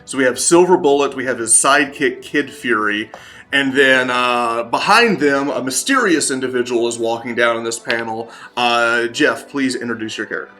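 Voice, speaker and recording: Southern game master, bright, rambling narration. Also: male voice, mid-range voice, moderate pace, faint music behind. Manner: rambling, many fillers and restarts.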